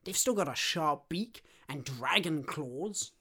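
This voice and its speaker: Excitable rambling man co-hosting. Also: a little high, slow, husky. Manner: excitable, rambling, lots of fillers. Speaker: podcast co-host. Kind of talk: casual chat.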